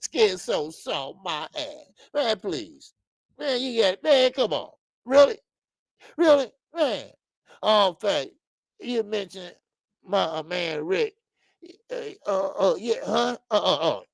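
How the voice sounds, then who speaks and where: A man hosting a boxing live stream, reading viewer comments and ranting in an animated way, with many stammered fillers. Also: high-pitched, takes it slowly, vocal fry, no echo. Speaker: boxing channel host.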